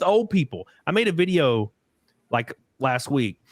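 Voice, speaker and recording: A man hosting a podcast in casual chat, telling profane, animated stories with acted quotes. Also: on the high side, unhurried, no room sound. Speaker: podcast host.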